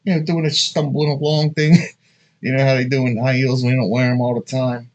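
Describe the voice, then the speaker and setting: A man's voice: mid-range voice, flat delivery, fairly quick, a little mellow, muffled recording. A man in his thirties giving blunt, crude dating advice in a rambling, casual monologue full of asides. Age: 30s.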